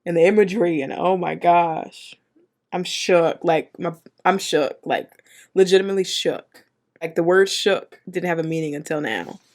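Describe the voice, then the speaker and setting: A woman's voice: lowish voice, darkish tone. A woman hosting a reaction video, talking casually in an emotional, exclamatory way with plenty of slang.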